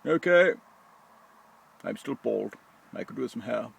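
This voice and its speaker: A man's voice: mid-range voice, lively intonation, unhurried, gravelly, husky, full character voice. A man voicing a rude, greedy bald male mascot toy that begs for scraps of fat. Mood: grumpy. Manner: rude, blunt and cheeky. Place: lorry cab.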